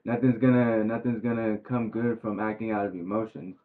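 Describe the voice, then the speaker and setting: A professional boxer talking as a podcast guest in a laid-back, slangy way, full of fillers. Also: male voice, fairly low pitch, little pitch movement, a little fast. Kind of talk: casual interview chat. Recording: tinny phone-like sound.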